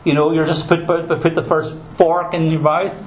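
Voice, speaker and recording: A man's voice: fairly high pitch, flat delivery, moderate pace, slight background noise. A male pastor preaching a sermon in an earnest, emphatic way, with touches of dry humor. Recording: roomy echo.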